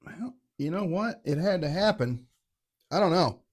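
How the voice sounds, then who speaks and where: A man's voice: on the high side, animated, a little slow, breathy edge. A middle-aged man giving a casual, rambling and irreverent whiskey tasting review, poking fun at himself. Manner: rambling, irreverent, self-mocking.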